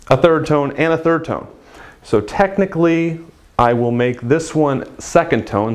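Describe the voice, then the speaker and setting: A man hosts a relaxed language lesson. His voice sits at an ordinary middle pitch, and he speaks slowly. He patiently stretches out example phrases so learners can say them after him. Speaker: Chinese language teacher. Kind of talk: casual video lesson.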